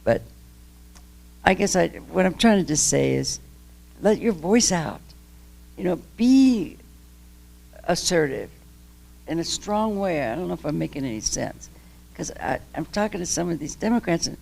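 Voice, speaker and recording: An older woman, a guest speaker, tells her own story candidly in an impassioned public talk. Her low, darkish voice is expressive at normal speed, with vocal fry and long pauses. She is emphatic, laughs between points, and rambles with restarts.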